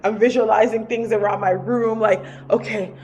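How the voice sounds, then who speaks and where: A woman's voice: medium pitch, normal speed, dull audio, a little hiss or hum. A woman working as a psychic medium, telling a personal story in a casual, rambling way, full of fillers and swearing. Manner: animated, rambling, filler-heavy and profane.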